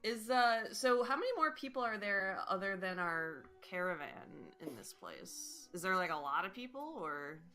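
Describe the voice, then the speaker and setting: A woman's voice: medium pitch, lively intonation, moderate pace, few pauses, sharp tone, soft background music. A woman player in a tabletop game, asking the game master questions casually.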